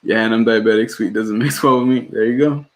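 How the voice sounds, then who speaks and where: A man's voice: lowish voice, fairly even intonation, fast talker, low-quality recording. A man co-hosting a casual livestream podcast from home, rambling and laughing often. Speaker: podcast co-host.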